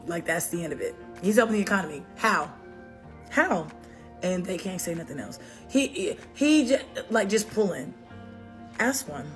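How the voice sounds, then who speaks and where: A woman's voice: fairly low pitch, a bit bright. A woman making a social media opinion video, confident, cutting and argumentative.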